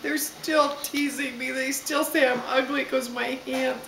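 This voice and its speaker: A sad, teased young schoolgirl, as a woman storyteller puts her on, pleading in a raised, plaintive voice. The voice sits higher than the speaker's own and sounds like it comes from a distance. The recording picks up an echoey room around her. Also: steady tone, unhurried, gravelly, background noise.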